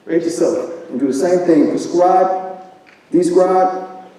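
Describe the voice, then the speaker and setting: A man delivers a motivational talk to a live audience, pressing them with question after question in a preachy style. His voice sits a little high but sounds mellow and dark. It is heard from a distance in a large, booming hall with long reverb. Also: takes it slowly. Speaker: event speaker. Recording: echoey hall from far off.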